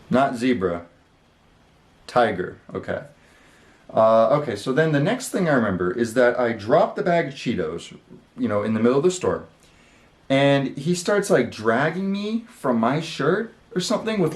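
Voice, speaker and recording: A man of middle pitch telling a story in a loose, rambling way, full of fillers and casual cursing. He is recorded in his own room, and the sound carries a noticeable roomy echo. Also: a little mellow. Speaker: channel host.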